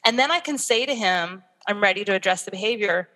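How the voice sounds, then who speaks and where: Bright-voiced woman, animated parenting expert. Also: mid-range voice, quick pace, few pauses, in a large hall. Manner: animated storytelling, acts out what she says to her kids. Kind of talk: interview, explaining.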